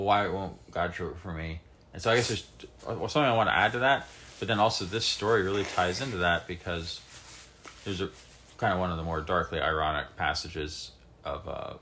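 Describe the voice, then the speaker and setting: A man with a very low voice in a casual podcast chat, with faint noise behind him. He talks things through in a reflective, unhurried way and uses many fillers. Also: a bit bright. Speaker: podcast co-host.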